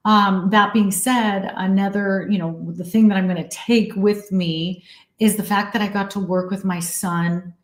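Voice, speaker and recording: A woman actress as an interview guest, chatting casually and telling lively stories. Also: mid-range voice, unhurried. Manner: animated storyteller, acts out quotes. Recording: roomy echo.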